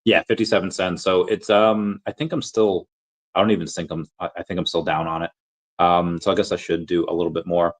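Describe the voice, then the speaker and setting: A man's voice: low-pitched, level tone, a little fast. A man hosting a podcast, rambling through a casual market update, often correcting himself mid-sentence. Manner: rambling, self-correcting, upbeat. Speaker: podcast host.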